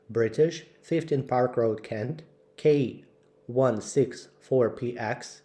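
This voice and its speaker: A man slowly reading out English vocabulary lists for learners, word by word with clear pauses. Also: mid-range voice, dark tone. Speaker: English teacher. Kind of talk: slow vocabulary drill.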